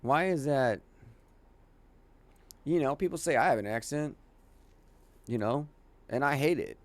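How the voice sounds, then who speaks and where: A man's voice: medium pitch, lively intonation, unhurried, no room sound. A man from the southern United States giving rambling, casual reaction commentary as a streamer, swearing offhandedly.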